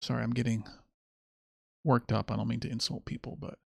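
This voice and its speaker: A man hosts his own stream, ranting sarcastically and mockingly about a clip he just played in casual solo commentary. His mid-range voice is gravelly and brisk, with little pitch movement, recorded with studio quality and no echo.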